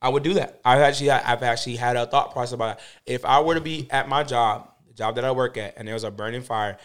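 A man's voice: mid-range voice, steady tone, fast talker, smooth. A man in a casual group discussion, telling stories in an emphatic, repetitive, profane way.

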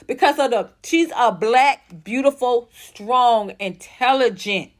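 Profane heated woman, high voice. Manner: blunt, profane, heated, swings between fast outbursts and slow emphasis. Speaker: commentary show host. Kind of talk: ranting opinion commentary.

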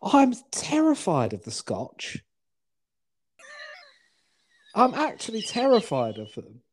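A man co-hosting a casual podcast chat, with dry, over-the-top jokes. His voice sits slightly high and moves lively in pitch. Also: unhurried. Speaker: podcast co-host.

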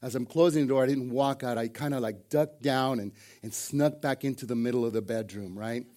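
A middle-aged pastor with a mellow, mid-range voice preaches briskly to his congregation during a church service. His folksy stories are full of jokes, repeated starts, and the word "man."

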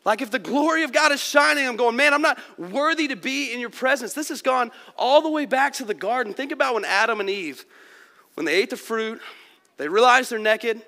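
A man's voice: very high voice, expressive, brisk, pushed and bright. A man preaching a sermon to his church in a conversational, earnest way, often dropping in "like" and "man". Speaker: pastor. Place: church sanctuary. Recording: long hall reverb.

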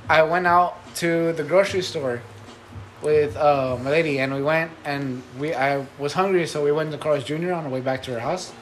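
A man's voice: on the high side, steady tone, moderate pace, slight background noise, low-quality recording. A young man in casual podcast chat, telling a long rambling story, swearing and laughing often. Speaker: podcast co-host.

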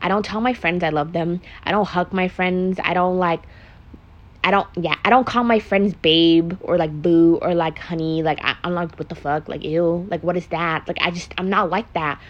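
A woman's voice: on the low side, fairly even intonation, normal speed, highs cut off. A young pregnant woman chatting casually and frankly on her podcast, swearing freely and filling her speech with "like". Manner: frank and profane, heavy use of "like". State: pregnant, emotional. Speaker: vlogger doing a makeup podcast. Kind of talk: casual confessional chat.

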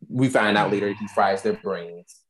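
A podcast co-host recaps a movie casually in a low-pitched voice at a moderate pace. He's an animated storyteller, laughing as he acts out quotes and cursing freely.

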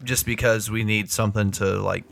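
A man's voice: fairly low pitch, fairly even intonation, brisk, gravelly, fairly bright tone, no room sound. A man co-hosting a casual beer podcast, rambling and correcting himself as he talks. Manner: rambling, self-correcting, chuckling. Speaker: podcast co-host. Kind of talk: casual chat.

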